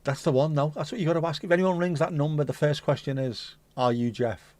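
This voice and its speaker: A man's voice: a little high, fast, darkish tone, no room sound. A middle-aged man hosting a casual livestream and chatting in a playful, cheeky, rambling way. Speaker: livestream host.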